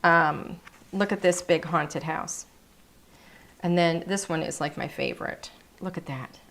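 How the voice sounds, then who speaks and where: A woman's voice: on the low side, measured pace, creaky, a bit bright. A woman presenting craft products in a casual, chatty showcase, gushing over each item and sometimes hunting for words.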